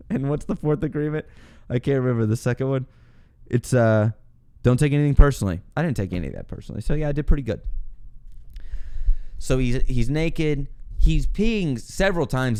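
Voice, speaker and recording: A young man hosting his own podcast, telling a story in a casual, animated way, swearing, laughing and acting out what people said. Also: medium pitch, clear, resonant tone. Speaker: podcast host.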